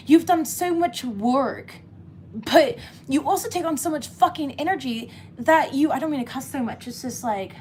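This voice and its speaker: A woman's voice: fairly high pitch, slight background noise. A woman giving a casual tarot reading, chatty and laughing often, cussing freely as she talks. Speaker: tarot reader.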